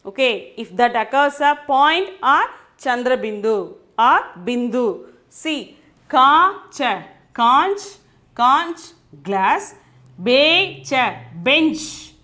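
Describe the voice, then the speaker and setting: Her voice sits high and sharp, expressive but very slow. Teaching Hindi in an online lesson, the woman patiently repeats every point and keeps checking whether students have understood.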